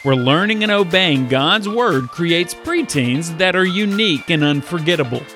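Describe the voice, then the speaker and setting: An animated male pastor hosts a Bible podcast for preteens, moving between storytelling and teaching. His voice sits a bit high and stays upbeat, with faint music under it. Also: moderate pace.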